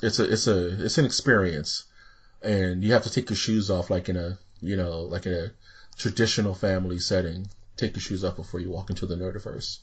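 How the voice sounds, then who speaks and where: A low, husky-voiced man hosts a podcast in a playful, joking way. He talks casually and keeps dropping movie references. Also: fairly even intonation, a little fast. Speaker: podcast host.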